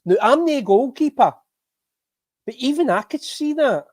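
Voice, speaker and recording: A man's voice: very high voice, lively intonation, a little slow, a little mellow, dry recording. A Scottish man hosting a football fan podcast live stream, ranting angrily with lots of swearing and bitter laughs.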